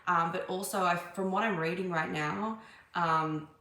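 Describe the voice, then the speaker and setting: Gravelly-voiced woman tarot reader, echoey room. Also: fairly low pitch, unhurried, pushed and bright. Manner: meandering, many ums and restarts. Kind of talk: casual spiritual channeling monologue.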